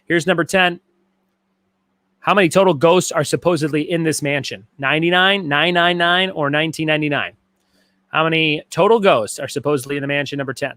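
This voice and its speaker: A man hosting a laid-back trivia stream, reading questions and cracking jokes between comments. His voice sits a little high for a man. The sound is close and dry, with almost no room around it. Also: fairly quick, pushed and bright, no room sound. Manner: joking, reads viewer comments aloud. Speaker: trivia host. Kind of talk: casual livestream trivia hosting. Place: home garage.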